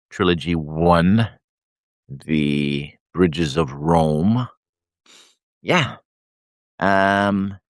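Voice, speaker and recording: A retired older man from Canada talks in a very deep voice, rambling and self-deprecating, blunt and often laughing. The sound is dry and close, with no room around it. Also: a bit bright, no echo. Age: 60s. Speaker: host of a live video stream. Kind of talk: rambling casual chat. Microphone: handheld microphone.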